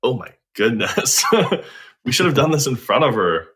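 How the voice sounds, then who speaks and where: A man's voice: medium pitch, expressive, normal speed, fairly bright tone, faint music behind. A man co-hosting a podcast in casual comedic chat, talking in a slangy, laid-back way. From United States. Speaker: podcast co-host.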